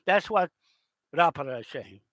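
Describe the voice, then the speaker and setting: New man, furious swearing rant, slightly high voice, dry close sound. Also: animated, normal speed, dry recording. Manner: heated, swearing, accusatory, often shouting. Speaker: video host. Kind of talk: unscripted angry rant.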